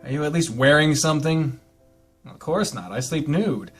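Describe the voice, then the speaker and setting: A man voicing a tired young man who jokes and teases, speaking low and subdued. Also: animated, normal speed, husky, faint music behind. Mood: mock-innocent. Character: tired joking young man, teasing but lonely.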